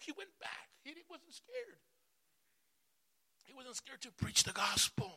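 A man pastor preaching a sermon, calling out to the congregation for responses and swinging between loud bursts and soft asides. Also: extremely high pitch, wildly swooping pitch, unhurried, pauses often, husky. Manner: emphatic call-and-response preaching.

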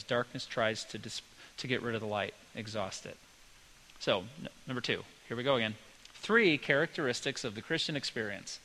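A man's voice: medium pitch, pushed and bright, slight background noise, rough recording. A male pastor giving a sermon in a folksy, conversational way, weaving personal stories into his teaching.

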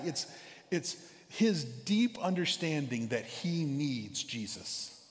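Casual male pastor, chatty stop-start sermon, slightly high voice, long church echo. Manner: casual, repeats words while thinking aloud. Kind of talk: conversational sermon. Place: church sanctuary. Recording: reverberant church hall.

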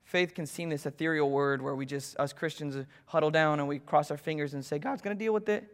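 A young man preaching a sermon, telling a personal story and swinging between loud urgency and hushed intimacy. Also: on the high side, little pitch movement, a little fast, clear, resonant tone. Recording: hall reverb.

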